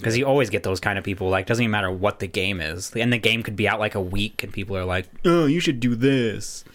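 Another young podcast co-host talks quickly in a lowish, fairly bright voice with fairly even intonation. His casual chat wanders, packed with fillers and false starts.

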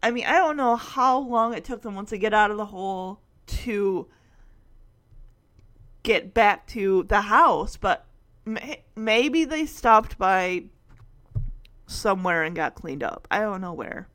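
A woman's voice: mid-range voice, expressive, slow pace, a bit bright. A woman hosting a casual, emotional film recap, acting out the characters and laughing often. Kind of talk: casual chat.

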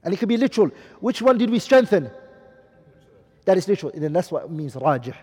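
A man's voice: high-pitched, big pitch swings, fast talker, darkish tone, slightly rough. A man teaching a class, who keeps asking his students questions and repeats each Arabic term with its English meaning. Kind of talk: classroom lecture. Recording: long hall reverb.

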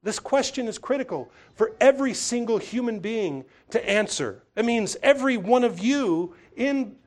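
A middle-aged man delivering a sermon in a church, his voice sitting high and swinging widely in pitch. He builds emphatic rhetorical questions and often repeats his words. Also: expressive, moderate pace. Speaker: pastor.

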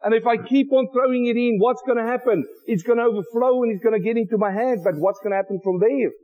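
A male preacher with a notably high voice delivers a fervent sermon from a church pulpit. He pounds out rhetorical questions, rises into loud exclamations, then drops to low, confiding asides. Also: steady tone, fast, poor audio.

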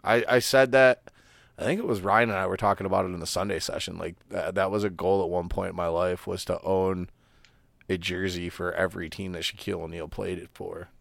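A man's voice: low voice, fairly even intonation, a little fast, creaky, no echo. A man co-hosting a podcast, chatting casually about sports in a rambling, profane, laid-back way. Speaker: podcast co-host.

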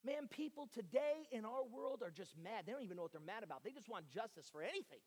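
High-voiced man preaching in an echoing hall. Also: fast talker, few pauses. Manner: animated, swings between loud and hushed, acts out voices. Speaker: pastor. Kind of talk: sermon.

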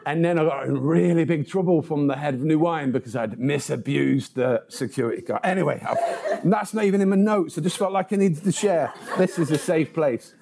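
A man's voice: fairly high pitch, brisk, creaky, noisy background. A man preaching a sermon, reading scripture and then telling funny stories about himself. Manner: humorous storytelling.

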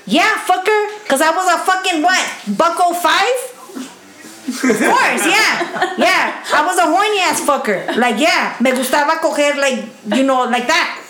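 A woman's voice: high voice, unhurried. A woman in her thirties venting in a casual chat, swearing often and laughing as she talks. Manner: profane, laughing, animated venting. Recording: echoey room, faint noise.

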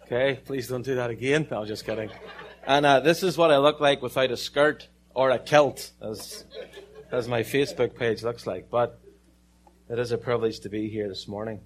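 A man with an Irish accent preaching a sermon, telling a story with dramatic pauses and some joking asides. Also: mid-range voice, steady tone. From Ireland.

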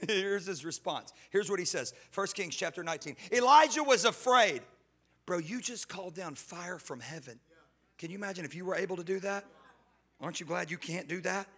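Man preaching, high voice, bright tone, animated, joking, slangy, church sermon. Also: moderate pace, slightly rough. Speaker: guest pastor. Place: church sanctuary.

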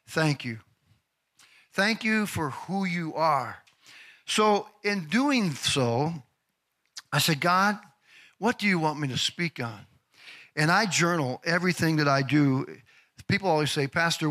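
Bright-voiced earnest male pastor. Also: a little high. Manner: earnest, heartfelt, repeats himself. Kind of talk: sermon.

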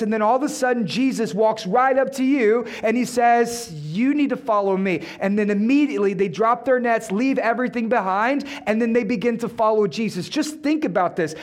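A man preaching a sermon in a conversational style, full of rhetorical questions. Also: very high-pitched. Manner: acts out disciples' panicked pleas, then drops to a hushed tone. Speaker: pastor.

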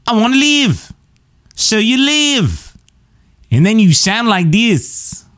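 A man doing a goofy, exaggerated Australian bloke in a put-on Australian accent, loud and sing-song, as a comedy bit. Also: sits high, big pitch swings, slow pace, voice pushed up, heavily acted. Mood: hammy. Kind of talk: comedic impression.

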